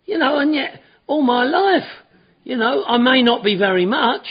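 A man's voice: very high voice, expressive, normal speed, breathy edge. A man giving a personal recovery testimony at a meeting, rambling and repetitive with stammering restarts. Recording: dull lo-fi recording.

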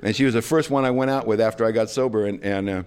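A man's voice: lowish voice, quick pace, darkish tone, clear, resonant tone. A man sharing his story at a recovery meeting, rambling and self-deprecating with lots of fillers. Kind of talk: humorous personal storytelling.

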